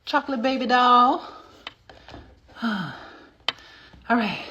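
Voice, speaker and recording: A woman's voice: a little high, unhurried, long pauses, slight background noise. Chatty woman chanting affirmations on a livestream. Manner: chatty, energetic, chants affirmations while counting jump squats. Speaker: livestream host. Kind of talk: casual livestream chat with affirmations. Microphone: phone.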